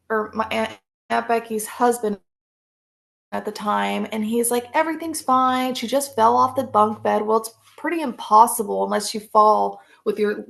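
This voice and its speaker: A young woman talking as a podcast guest, her voice heavy with a gravelly, crackling fry. She tells her story haltingly, full of fillers and restarts, at a middling pitch for a woman. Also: a bit bright. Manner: halting, many fillers and self-corrections. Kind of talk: personal testimony in interview.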